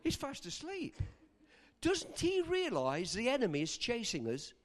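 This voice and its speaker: A man's voice: very high-pitched, wildly swooping pitch, full character voice. A man preaching, voicing an anxious male soldier who questions why his leader sleeps. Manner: fretful, rushed questions.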